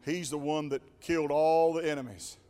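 A man preaching a sermon as pastor, dramatic, swinging from hushed to shouting. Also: fairly high pitch, fairly even intonation, moderate pace, big-room sound.

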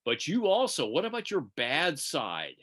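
A man's voice: a little high, huge pitch swings, normal speed, fairly bright tone. A man hosting an interview, asking questions with enthusiastic, encouraging reactions. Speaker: interview host.

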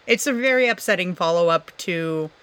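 A woman's voice: lowish voice, lively intonation, moderate pace, fairly bright tone, clean tone. A woman co-hosting a casual chat, rambling and sarcastic, often laughing.

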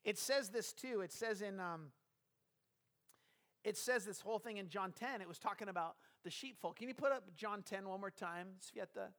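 A man with a notably high voice for his sex preaches to his congregation. He talks conversationally and keeps posing rhetorical questions as he walks through a scripture passage. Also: moderate pace, a bit bright. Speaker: pastor. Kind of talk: sermon.

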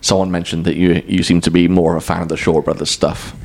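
A man co-hosting a podcast in casual chat, talkative and quick to laugh. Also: deep voice. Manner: chatty, laughs easily, lively delivery. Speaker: podcast co-host.

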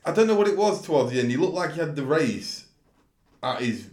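A man's voice: fairly high pitch, lively intonation, brisk, darkish tone. A man chatting casually about horse racing tips, thoughtful and a little hesitant. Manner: thoughtful, hesitant, repeats words. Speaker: racing tipster. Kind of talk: casual chat. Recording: echoey room.

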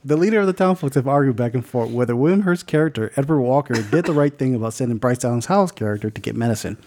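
A man's voice: medium pitch, expressive, quick pace, darkish tone. A man co-hosting a podcast, casually telling a made-up movie ending, joking and swearing, often laughing mid-sentence. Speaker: podcast co-host.

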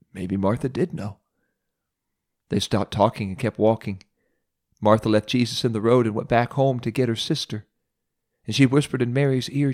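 Brief: man, mid-pitched preacher, dramatic expressive storytelling sermon. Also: moderate pace, long pauses.

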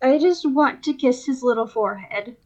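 Woman cohost, high voice, talks slow, deadpan jokes, muffled lo-fi sound. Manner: slow, dry jokey remarks. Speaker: podcast co-host. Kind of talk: casual chat. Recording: dull lo-fi sound.

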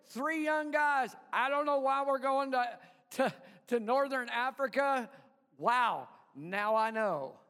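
A man preaching in a very high voice at a slow, deliberate pace. He is emphatic, repeats himself in stammers and keeps calling on the congregation to answer. His voice rings with long reverb from a large church hall. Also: fairly bright tone. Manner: emphatic, call-and-response with the congregation. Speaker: pastor. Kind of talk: sermon.

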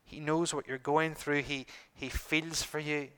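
A middle-aged man preaching a sermon to his congregation, earnest, repeating phrases and pausing for emphasis. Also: fairly high pitch, flat delivery, fairly bright tone, clear, resonant tone. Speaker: pastor.

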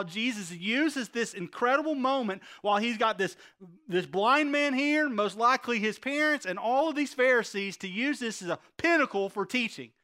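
A man's voice: high-pitched, bright, forceful tone. A male pastor preaching a sermon, retelling a story and asking the congregation rhetorical questions, often repeating words as he goes.

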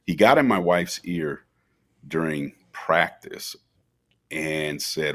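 A man's voice: very deep voice, slow pace. A middle-aged man from Minnesota, a festival founder telling stories as a podcast guest and acting out the dialogue. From Minnesota, USA. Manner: animated storyteller, acts out quoted dialogue. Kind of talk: storytelling interview.

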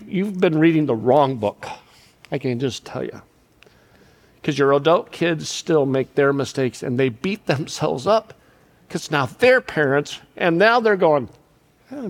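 An older man giving a sermon on parenting, sappy and self-deprecating, moving between loud emphasis and hushed lines. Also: on the high side. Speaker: guest speaker on parenting.

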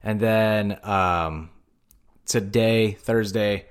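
A man's voice: on the low side, very slow, clean tone. A man co-hosting a casual podcast, ranting about hockey with lots of swearing, and he says he is tired. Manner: profane, heated sports rant. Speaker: podcast co-host. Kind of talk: casual chat.

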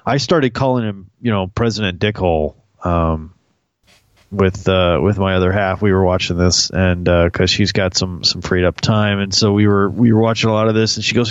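A man co-hosting a casual TV recap podcast, talking in an animated, crude, joking way. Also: fairly low pitch, normal speed, no room sound, muffled recording. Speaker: podcast co-host.

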